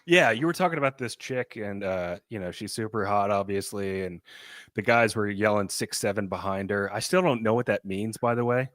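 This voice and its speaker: A man with a bright, forceful voice trades casual banter on a podcast. His tone is joking and laid-back, and he swears now and then. The mic is close and dry. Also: fairly low pitch, normal speed, no room sound. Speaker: podcast co-host.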